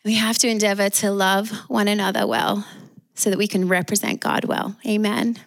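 A woman's voice: medium pitch, little pitch movement, normal speed, vocal fry. A woman with an Australian accent preaching a sermon, emphatic, calling out for amens. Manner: warm, emphatic preaching with call-and-response amens.

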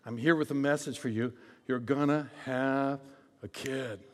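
A preacher doing a hushed, calm angel. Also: male voice, a little slow, natural voice. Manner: hushed, low and soothing. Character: calm male angel delivering a message. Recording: long hall reverb.

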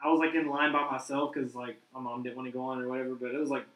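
A man's voice: mid-range voice, little pitch movement, racing, fairly bright tone. A young man chatting casually, rambling with lots of "like" as he tells a story. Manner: rambling, many "like" fillers. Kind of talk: casual chat. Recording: roomy, from far off the mic.

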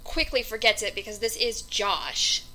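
A woman's voice: fairly high pitch, moderate pace, over music, rough recording. A young adult woman co-hosting a casual podcast, speaking conversationally and hedging with "I mean" and "you know". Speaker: podcast co-host. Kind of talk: casual chat.

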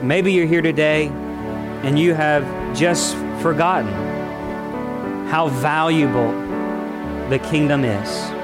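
Man, pastor preaching to the church, passionate, rhetorical, slightly high voice. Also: slow, long pauses, over loud music. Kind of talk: sermon. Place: church service with congregation.

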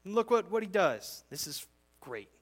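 A man preaching a verse-by-verse sermon, talking conversationally but with emphatic, animated bursts. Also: high-pitched, normal speed. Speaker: pastor. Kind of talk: expository sermon.

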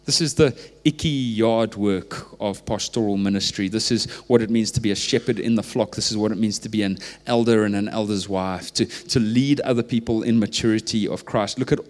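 A man's voice: lowish voice, a little fast, hardly any pauses, darkish tone. A man, preaching a sermon earnestly and pressing into urgent emphasis. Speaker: pastor. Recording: reverberant hall.

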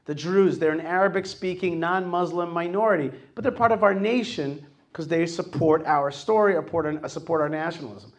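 A man giving a lively talk to a live audience in a hall. He jokes with the crowd, asks them questions and acts out other people's voices. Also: a little high, brisk.

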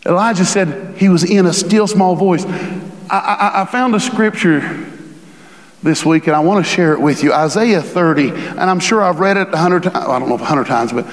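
A man preaching a sermon, swinging from hushed tones to booming scripture reading. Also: moderate pace, long reverb tail. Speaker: pastor.

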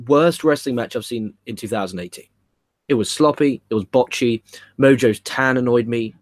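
A young man talks with loose, tumbling energy, swearing as he goes. His voice sits at an ordinary middle pitch, and the sound is dry and close with little room around it. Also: moderate pace, no echo. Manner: animated, rambling, swears freely. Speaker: podcast co-host. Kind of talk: casual wrestling review chat.

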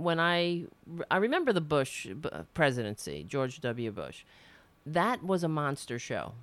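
A woman's voice: low voice, clean tone, no room sound. Blunt New York woman radio host. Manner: blunt and indignant, swears freely, restarts often. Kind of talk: casual political talk radio monologue.

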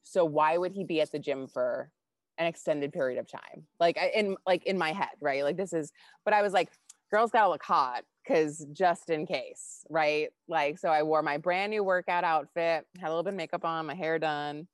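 A woman co-hosting a podcast, telling a personal story in casual, animated chat and swearing freely. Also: sits low, fairly quick, no echo. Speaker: podcast co-host.

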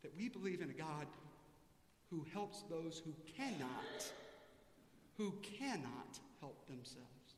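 A male pastor preaches with a fairly high voice, shifting between animated storytelling and quiet earnestness. His voice rings through a large church with a long, roomy echo. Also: slow, a little hiss or hum. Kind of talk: sermon. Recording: echoey church hall.

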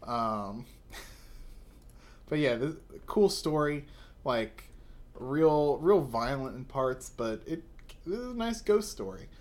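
A man's voice: mid-range voice, animated, slow pace, pauses often, a little mellow. A man in casual conversation, rambling along with many fillers and frequent laughs. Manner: laid-back, rambling, laughs often. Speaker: podcast co-host. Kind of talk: casual chat about manga.

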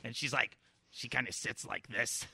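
A man co-hosting a podcast, telling stories in a profane, excitable, joking way. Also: mid-range voice, gravelly, husky. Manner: excitable, profane storyteller, fast and loud. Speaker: podcast co-host. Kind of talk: casual chat.

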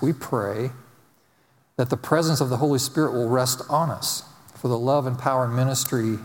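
A man preaching a sermon as pastor, emphatic and repetitive, driving points home with repeated phrases. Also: mid-range voice. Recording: long reverb of a large hall.

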